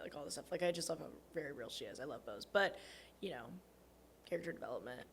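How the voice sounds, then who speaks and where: A young woman co-hosting a podcast in casual chat, gushing and animated, saying "like" constantly. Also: low voice, fast, a little hiss or hum. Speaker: podcast co-host.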